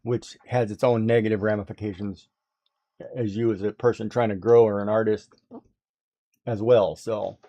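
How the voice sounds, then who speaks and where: Chatty man telling animated stories. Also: on the low side, moderate pace, pauses often, dull audio. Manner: animated storyteller, laughs often, mimics his mother. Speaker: guest on a craft livestream. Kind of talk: casual chat.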